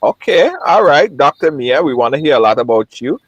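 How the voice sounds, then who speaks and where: A man hosting a live online talk show, lively and repetitive, greeting viewers by name. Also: on the high side, brisk, slightly rough, no room sound, rough recording. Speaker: host.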